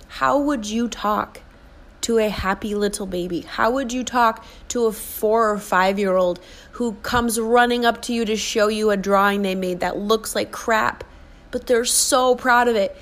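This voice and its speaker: A woman's voice: fairly high pitch, measured pace, fairly bright tone. Earnest woman in her forties coaching. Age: 40s. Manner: earnest, coaxing, acts out inner voices. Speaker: self-help speaker. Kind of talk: motivational monologue.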